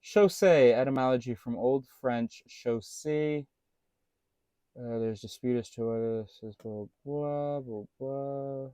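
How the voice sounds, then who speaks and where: A man's voice: mid-range voice, slow pace, warm tone, clear, resonant tone, no room sound. Rambling man thinking aloud, dry sound. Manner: meandering, thinks aloud with many fillers and restarts; informal, swears casually. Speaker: vlogger. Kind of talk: casual rambling monologue.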